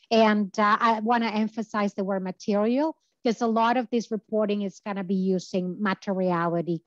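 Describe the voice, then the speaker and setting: A woman guest lecturer with a mid-range voice explains step by step over slides, using lots of filler sounds, her voice a little tired from a full day of talking. The recording is lo-fi with no room sound.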